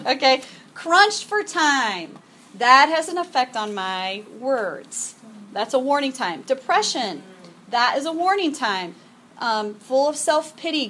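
A middle-aged woman giving a devotional talk to a group, animated and chatty, often acting out her own yelling and sprinkling in "okay" and "um". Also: high voice, a little hiss or hum. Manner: frequent "okay" and "um". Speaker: women's event speaker.

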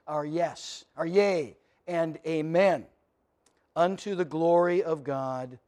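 A man delivers a sermon as a pastor, his voice sitting noticeably high for a man. He speaks earnestly and with emphasis, stumbling into small repeats like "and, and" as he presses each point home. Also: darkish tone. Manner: earnest, emphatic, often repeats opening words.

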